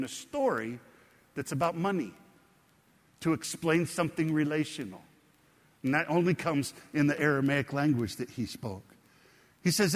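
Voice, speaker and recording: A man preaching with a fairly high voice, telling a scripture story and pausing to quiz his listeners. His words carry a long reverb, as if he stands in a large hall. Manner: explanatory, conversational preaching with questions to the congregation. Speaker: pastor. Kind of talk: sermon.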